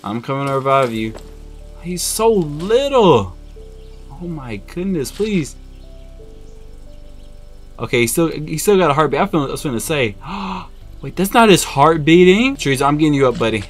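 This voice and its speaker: A man giving casual, chatty let's-play commentary, now and then cooing at an in-game dog in a high coddling voice. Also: lively intonation, fast. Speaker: gaming video host. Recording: game music playing behind voice.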